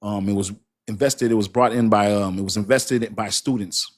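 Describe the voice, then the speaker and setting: A man's voice: lowish voice, steady tone, normal speed. A man hosting a casual crypto livestream, talking straight to his chat in a hyped, repetitive way. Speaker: crypto channel host.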